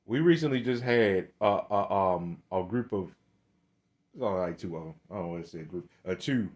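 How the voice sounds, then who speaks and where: A man's voice: lively intonation, moderate pace, darkish tone. A man giving a preaching monologue, heated and emphatic, with many restarts. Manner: starts low and hesitant, grows heated and emphatic. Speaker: religious video speaker.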